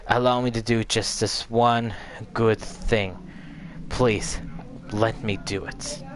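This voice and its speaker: Brief: a remorseful young man pleading, quiet and low, told by a man retelling a game. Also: steady tone, slow, soft background music.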